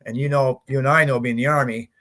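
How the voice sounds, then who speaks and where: Male podcast guest, fifties, mid-pitched, animated storyteller who acts out the dialogue. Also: fast talker. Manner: animated storyteller, acts out his own quotes, laughs often. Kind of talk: storytelling interview.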